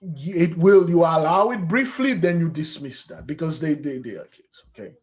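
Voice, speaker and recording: A man's voice: fairly high pitch, expressive, normal speed. A man giving a spiritual teaching, speaking emphatically, calling his listeners "beloved" and slipping into street slang. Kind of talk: preaching address on a fasting day.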